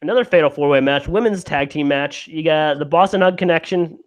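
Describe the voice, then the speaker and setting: Man, podcast host, casual chat, easygoing, slightly high voice. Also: fairly quick. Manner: easygoing, moves the talk along with fillers and laughs.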